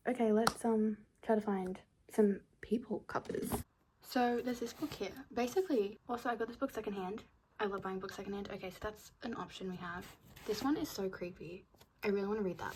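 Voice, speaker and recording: A woman's voice: mid-range voice, darkish tone, slight background noise. A nineteen-year-old woman chatting casually to camera as a book vlogger, rambling with giggly asides.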